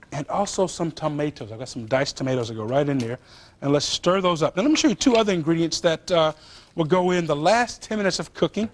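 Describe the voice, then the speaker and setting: Chatty man hosting a TV cooking show. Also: a little high. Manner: chatty, animated, jokes with crew. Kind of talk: TV cooking demonstration. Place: TV studio kitchen.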